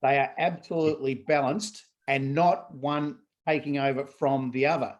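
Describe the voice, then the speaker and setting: A man who works as a laughter yoga trainer, talking as a guest in a casual conversation in an animated way and acting out what people say. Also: medium pitch, moderate pace, muffled recording.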